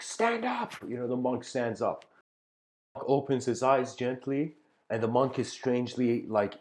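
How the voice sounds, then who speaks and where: Low-voiced man telling a teaching story. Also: a little mellow. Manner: conversational, many "you know" fillers. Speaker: spiritual teacher. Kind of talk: storytelling lecture.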